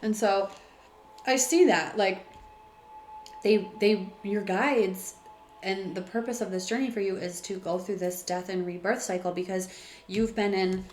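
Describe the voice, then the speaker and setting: A woman's voice: medium pitch, measured pace, a little mellow, echoey room, soft background music. A woman giving a casual tarot reading, talking in a rambling way with many fillers and restarts. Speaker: tarot reader.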